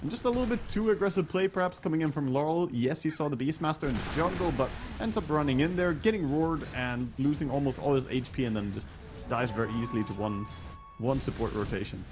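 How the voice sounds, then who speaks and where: A man's voice: a little high, lively intonation, fast, over music. A man giving color commentary on an esports match, explaining plays in an easygoing way. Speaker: esports analyst.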